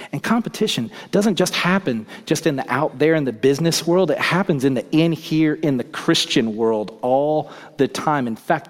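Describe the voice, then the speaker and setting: A male pastor preaching in a church sanctuary, his voice trailing off in long reverb. He is a dynamic preacher whose mid-pitched delivery moves between hushed lines and emphatic ones. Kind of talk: sermon.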